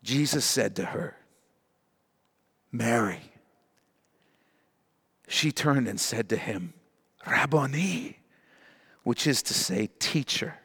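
A man's voice: medium pitch, lively intonation, moderate pace, hardly any pauses, a bit bright, slightly rough, big-room sound. A man preaching an earnest, emotional sermon, acting out the people he quotes. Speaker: pastor.

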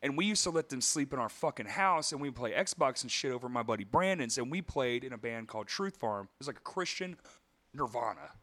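A man co-hosting a casual podcast, swearing freely and telling lively stories about bands. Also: medium pitch, brisk. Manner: profane, animated, acts out quoted voices. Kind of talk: casual chat, storytelling.

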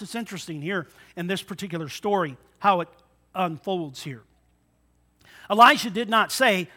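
A male pastor preaching a sermon, acting out the story in lively retellings and asking the congregation rhetorical questions. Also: high-pitched, moderate pace. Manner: dramatic retellings with shifting loudness.

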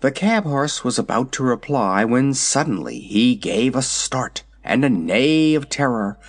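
A man narrating a children's storybook aloud in an expressive way. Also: medium pitch, measured pace. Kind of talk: audiobook reading.

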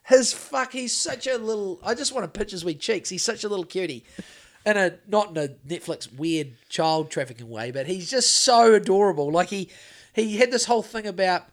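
A man's voice: high-pitched, moderate pace. A man, co-hosting a podcast in casual chat, rambling and swearing with lots of restarts. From New Zealand. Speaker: podcast co-host.

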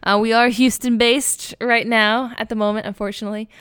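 Chatty woman podcast co-host, smooth voice. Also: fairly high pitch, little pitch movement, fairly bright tone, no room sound, studio quality. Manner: chatty, laughs often, quick asides. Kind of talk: casual chat. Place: Houston-based podcast.

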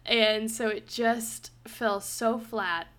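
Bright, chatty young woman. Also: fairly high pitch, takes it slowly. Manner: animated, laughs often, says "like" a lot. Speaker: podcast host. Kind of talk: casual book review chat.

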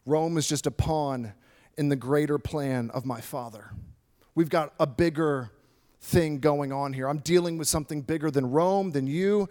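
A preacher voicing a calm, resolute leader. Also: male voice, fairly high pitch, normal speed, pitched below the performer's own voice, lightly acted. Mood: calm resolve.

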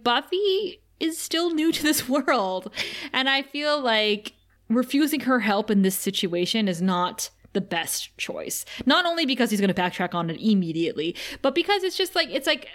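A woman's voice: high-pitched, a bit bright. A woman co-hosting a podcast, retelling scenes in casual chat and laughing often. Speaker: podcast co-host.

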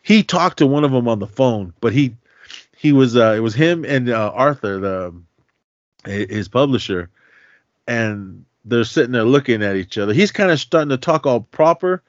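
A man's voice: mid-range voice, lively intonation, normal speed, no room sound. Man chatting loosely about movies. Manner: loose and chatty, with many fillers and slangy asides. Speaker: podcast host. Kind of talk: casual movie recap chat. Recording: dull lo-fi, dry sound.

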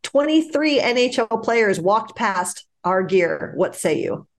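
A woman's voice: medium pitch, slow, creaky. Laughing woman co-hosting a chat podcast. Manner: animated, laughs often. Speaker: podcast co-host.

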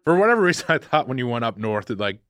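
A man from Massachusetts chats with a lively, swooping delivery, joking and riffing on words as a podcast co-host. The sound is dry and close, with no room around it. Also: medium pitch, racing, dry recording. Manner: joking, playful, repeats words for laughs. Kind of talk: casual comedic chat.

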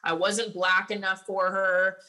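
A woman's voice: mid-range voice, flat delivery, unhurried, pushed and bright, low-quality recording. A young woman guest telling her life story candidly and bluntly, with frequent swearing and lots of filler words. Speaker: podcast guest.

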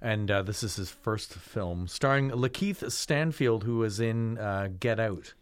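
A man's voice: on the low side, unhurried, clean tone, dry recording. A man casually chatting about a film he picked, rambling with many fillers and restarts. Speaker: podcast co-host. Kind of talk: casual film review chat.

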